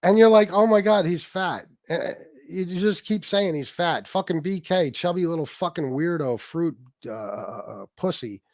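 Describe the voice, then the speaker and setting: Male streamer, angry profane rant, slightly high voice, dry recording. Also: moderate pace, few pauses, darkish tone, no echo. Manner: profane, aggressive, talks to chat. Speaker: livestream host. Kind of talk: heated livestream rant.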